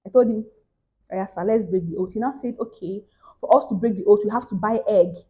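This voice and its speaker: This vlogger, a young woman with a Nigerian English accent, speaks in a brisk mid-range voice over dull audio. She recounts a story for her viewers casually, alternating loud outbursts with quiet asides.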